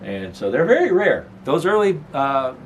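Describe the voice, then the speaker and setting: In a slightly high, sing-song voice at normal speed, a middle-aged channel host rambles and chuckles through a relaxed vlog from his apartment room. He slips into baby talk when addressing his dog, and a little background noise can be heard.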